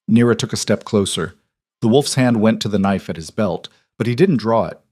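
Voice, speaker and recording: A man narrating a fantasy story in an even, measured way. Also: fairly low pitch, no echo, studio quality.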